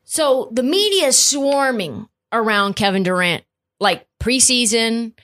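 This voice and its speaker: A woman hosting a podcast, chatty and animated, with frequent "like" and casual swearing. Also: fairly high pitch, unhurried. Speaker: podcast host. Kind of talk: casual commentary.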